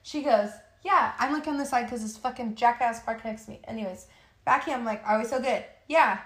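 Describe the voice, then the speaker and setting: A woman's voice: on the high side, fairly quick, a bit bright. A woman in her thirties, hosting a podcast, telling a story in casual chat, swearing often and laughing as she talks. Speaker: podcast co-host. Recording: echoey room.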